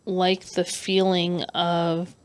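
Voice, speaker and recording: A young adult woman vlogger talking earnestly and emotionally in a halting personal rant over her speed painting. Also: lowish voice, monotone, clear, resonant tone. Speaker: artist vlogger.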